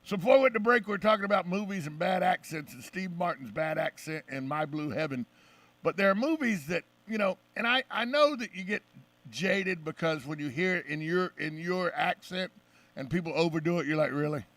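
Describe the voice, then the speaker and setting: High, gravelly opinionated radio host. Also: male voice, a little fast, recorded from a distance. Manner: opinionated, animated storyteller. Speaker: radio talk show host. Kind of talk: casual radio chat.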